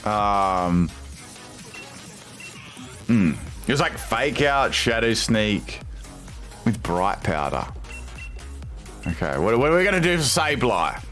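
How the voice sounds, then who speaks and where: A man's voice: fairly low pitch, sing-song, slow, pauses often, a bit bright, soft background music. A young Australian man streaming live, reading viewer chat aloud and reacting with amused disbelief.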